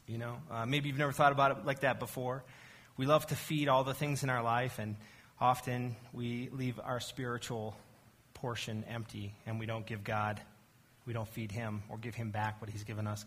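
Man, casual sermon, chatty, self-deprecating, lots of fillers and restarts, mid pitch. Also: fairly bright tone. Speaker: church arts director giving a message. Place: church.

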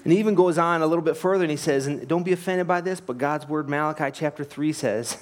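A man's voice: on the high side, fast talker. A man preaching a sermon, earnest and emphatic, asking rhetorical questions and telling anecdotes. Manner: tells anecdotes with light laughs. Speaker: pastor.

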